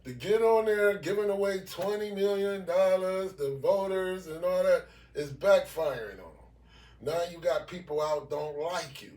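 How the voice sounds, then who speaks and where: A man's voice: high voice, measured pace. Blunt, profane man in an echoey room. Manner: blunt, profane, animated, mimics voices. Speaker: podcast co-host. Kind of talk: casual chat. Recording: echoey room, mic at a distance.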